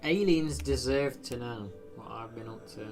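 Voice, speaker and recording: A man chats loosely through a live gameplay stream, drifting between thoughts with plenty of fillers and half-finished lines. His voice sits at an everyday pitch for a man. Faint music plays underneath. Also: unhurried, vocal fry. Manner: rambling, self-deprecating, frequent fillers.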